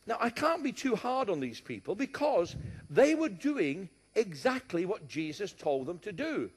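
Born in Scotland and raised partly in London, a middle-aged man with a West London accent delivers a sermon at a measured pace in a high, lively, breathy voice that swings widely in pitch. He hammers his points home emphatically, tosses in joking asides, and a large hall gives his voice a long reverb.

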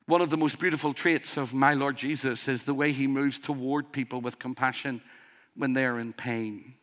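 A man's voice: medium pitch, steady tone, normal speed, fairly bright tone. A man with a strong accent preaching a sermon, earnest and emphatic, pressing his listeners with rhetorical questions. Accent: strong accent he calls a dialect.

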